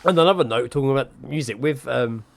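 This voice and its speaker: A man in the middle of his pitch range co-hosts a podcast in relaxed conversation. He rambles enthusiastically, padding his thoughts with ums and uhs. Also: fast, vocal fry, a little hiss or hum. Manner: rambling, many fillers, enthusiastic. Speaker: podcast co-host. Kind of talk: casual chat.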